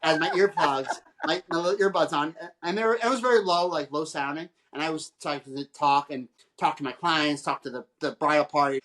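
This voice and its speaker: A man's voice: fairly high pitch, fairly quick, few pauses, fairly bright tone, a little hiss or hum, rough recording. Rambling male podcast guest. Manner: rambling storyteller who acts out quoted people. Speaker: photographer. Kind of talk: casual chat.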